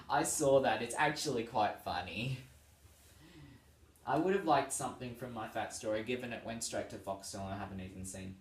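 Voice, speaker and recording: A man's voice: medium pitch, normal speed. A tired man hosting a vlog, reading tweets aloud in casual chat and laughing often between them. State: tired and yawning. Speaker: vlog host. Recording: roomy sound, distant from the mic.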